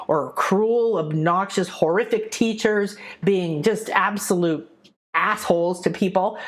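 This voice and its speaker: A middle-aged woman, a spiritual teacher, gives a chatty, animated talk to a live audience, acting out quoted voices as she goes. Her voice is medium in pitch.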